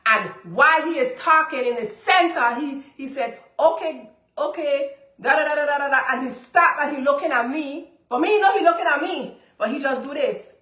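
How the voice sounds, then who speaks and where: Woman host, animated and repetitive storyteller, echoey room. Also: high voice, normal speed. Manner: animated storytelling, repeats phrases for emphasis. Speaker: business coach and livestream host. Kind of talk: casual testimony to a live audience.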